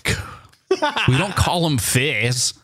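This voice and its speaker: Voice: medium pitch, wildly swooping pitch, fairly bright tone, no room sound, studio quality. Teasing podcast co-host in banter. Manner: teasing, argumentative, quick banter. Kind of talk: casual chat.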